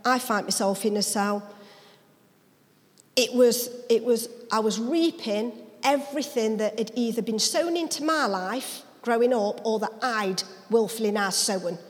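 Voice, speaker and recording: A woman tells her own life story as an interview guest, acting out the people in it. She is a pastor, and her voice sits a little high. She is recorded in a church, with a long reverb around her. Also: unhurried. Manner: lively dialect storyteller, acts out voices. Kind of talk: personal testimony storytelling.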